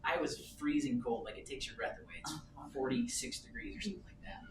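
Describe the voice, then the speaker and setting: A man in his thirties giving a talk at a sales meeting, telling a travel story in an animated, self-amused way. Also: mid-range voice, fast talker. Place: meeting room. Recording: roomy, distant, noisy meeting room.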